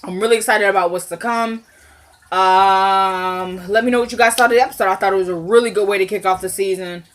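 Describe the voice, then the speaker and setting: A woman's voice: medium pitch, steady tone, brisk. A young woman giving a casual, chatty recap of a TV episode, laughing and talking straight to her viewers. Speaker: TV recap vlogger.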